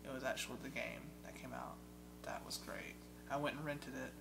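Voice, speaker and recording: A young man in a casual chat about video games, an excitable storyteller who mimics game sounds. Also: mid-range voice, a little fast, gravelly, over loud music. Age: young adult. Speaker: guest. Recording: loud steady hum behind.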